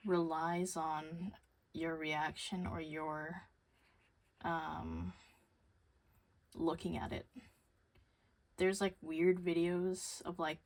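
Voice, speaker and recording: A young woman rambling casually to camera, swearing freely and losing her train of thought. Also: fairly low pitch. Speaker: vlogger.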